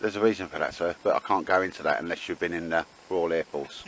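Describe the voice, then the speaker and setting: A man's voice: low-pitched, fast, low-quality recording. Man with jokey banter. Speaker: bushcraft vlogger. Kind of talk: casual chat in the woods. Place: woods outdoors.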